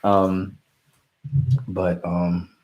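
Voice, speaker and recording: Man, very low voice, young adult, casual live stream host, rambling, stops and restarts, apologetic. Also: monotone, very slow, highs cut off. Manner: rambling, self-interrupting, apologetic. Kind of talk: casual live stream chat reading viewer questions.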